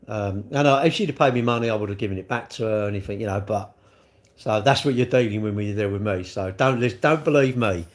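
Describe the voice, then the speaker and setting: A man talks loosely to his live stream, rambling from one thought to the next. He jokes at his own expense and answers comments as they come in. His voice sits at an ordinary middle pitch. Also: a little fast. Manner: rambling, jokey, self-deprecating. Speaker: livestream host. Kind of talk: casual chat reading live comments.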